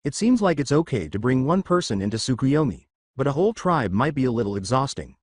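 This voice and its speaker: A man narrating a fan-written story in a steady, scripted read. His pitch moves a lot from line to line. The sound is dry, with no room echo. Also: brisk.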